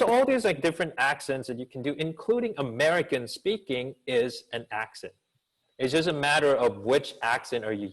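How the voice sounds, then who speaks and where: Taking questions in an online seminar by video call, this man, a business school professor and communication coach, speaks with theatrical expressiveness. His tone is energetic and coaching, and he asks many rhetorical questions. His pitch is medium, his pace moderate, and the recording quality rough.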